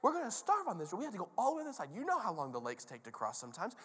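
A man voicing a group of grown men who bicker and complain in a high, whiny voice. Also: wildly swooping pitch, rapid-fire, pushed and bright, husky, heavily acted. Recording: long reverb of a large hall.

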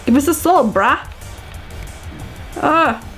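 A woman's voice: high voice, animated, takes it slowly, a bit bright, faint music behind. A young woman commenting casually on a video game as she plays, chatty and exclamatory with many "like"s. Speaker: gaming video host. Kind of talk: let's play commentary.

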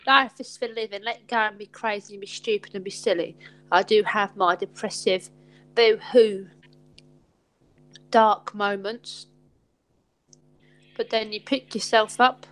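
A woman's voice: medium pitch, fairly even intonation, measured pace, long pauses, fairly bright tone, poor audio. A woman hosting a live stream chat, rambling in an upbeat, sweary way.

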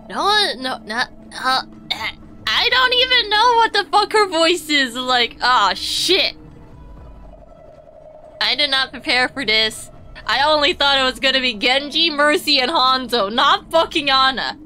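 Hoarse, bright-voiced woman streamer. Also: high voice, lively intonation, a little slow, soft background music. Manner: self-mocking, swears, restarts often. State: hoarse, voice straining. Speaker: streamer reading a game aloud. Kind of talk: casual live-stream chat and reading.

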